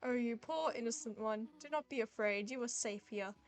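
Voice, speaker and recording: A woman voicing a gentle, motherly goat monster queen in a game, speaking in a soft, formal, reassuring way. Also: on the high side, normal speed, close to an everyday voice. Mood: soothing.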